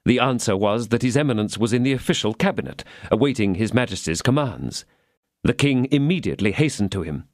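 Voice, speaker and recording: A man narrating a classic novel as an audiobook in a steady, expressive reading. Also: mid-range voice, fairly quick, dry recording, clean studio sound.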